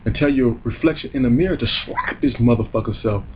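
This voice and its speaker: A man's voice: mid-range voice, fast, muffled recording, slight background noise. A man hosting a comedy show, delivering a heated, profane and mocking rant. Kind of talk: ranting comedic commentary.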